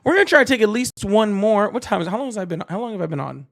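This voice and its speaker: A man's voice: sits high, lively intonation, racing, vocal fry, a bit bright. A young man hosting a political call-in livestream, thanking donors, laughing often and blunt with callers. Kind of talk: casual livestream chat, reading donor messages.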